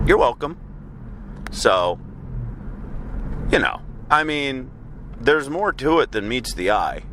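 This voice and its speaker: Man, comedic monologue, halting and apologetic, outdoors, traffic noise. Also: medium pitch, sharp tone. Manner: apologetic, halting, stammering, with sudden sung outbursts. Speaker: comedy audio journal host. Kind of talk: rambling deadpan comedic monologue.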